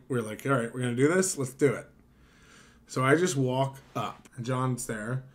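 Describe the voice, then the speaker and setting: A tired man on a late-night stream, casually telling a story with swearing and mimicking the people in it. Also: medium pitch. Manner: animated, swearing, mimics others.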